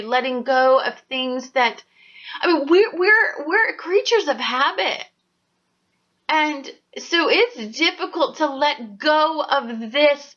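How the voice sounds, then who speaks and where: Blunt, profane, high-voiced woman ranting. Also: pushed and bright. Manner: blunt, profane, swings into heated outbursts. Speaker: astrology and tarot vlogger. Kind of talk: ranting spiritual vlog. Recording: dull lo-fi sound.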